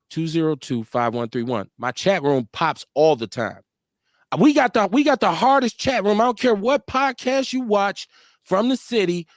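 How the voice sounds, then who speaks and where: A man hosting a casual livestream talk show, joking around and reading viewer comments aloud in a relaxed way. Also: mid-range voice, no echo, clean studio sound. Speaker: host.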